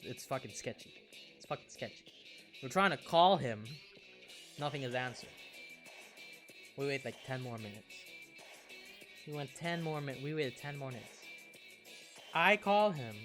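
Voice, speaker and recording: A man's voice: on the high side, bright, forceful tone. A young man casually telling a story, swearing a lot and restarting his sentences. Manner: swearing freely, rambling with restarts.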